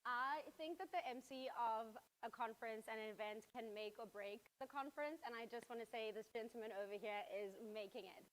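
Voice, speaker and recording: A woman opening her conference talk in a gracious, relaxed and friendly way. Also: a little high, brisk, hardly any pauses. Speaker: conference speaker.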